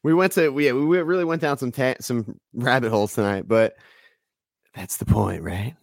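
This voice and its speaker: A man's voice: medium pitch, normal speed, vocal fry, no echo, clean studio sound. A man guesting on a podcast as a musician, chatting in a laid-back, profane way. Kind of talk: casual podcast chat.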